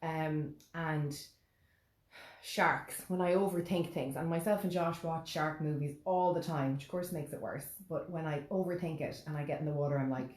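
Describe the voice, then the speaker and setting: A low-pitched woman reflecting calmly in casual conversation. She speaks in a measured, thoughtful way. Her voice echoes in the room. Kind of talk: casual chat.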